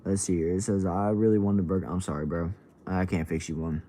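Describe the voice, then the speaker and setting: A man's voice: deep voice, steady tone, fast, mellow. A young man at home, casually reading out livestream comments in a laid-back, drawling way, saying bro and y'all. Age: young adult. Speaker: livestream host. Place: at home indoors. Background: faint TV sound from another room.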